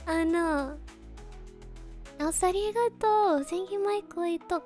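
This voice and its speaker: A VTuber streamer with a high, playful voice reads donations aloud and chats unhurriedly with her viewers, mixing in Japanese words. She sounds slightly sniffly, as though she's just been crying, while soft music plays faintly in the background.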